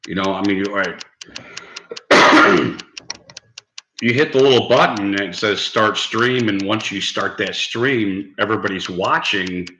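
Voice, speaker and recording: A man's voice: lowish voice, unhurried, pauses often, pushed and bright. A man hosting a casual late-night live stream who chats with viewers in the comments, rambling, swearing and laughing at his own lines. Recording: echoey room, faint background noise.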